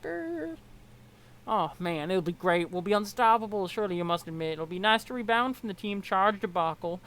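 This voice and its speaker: A woman's voice: medium pitch, animated, normal speed, fairly bright tone, natural voice, rough recording. A woman voicing a scheming, chatty troll girl in a put-on Southern US accent, wheedling and sing-song. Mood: gushing.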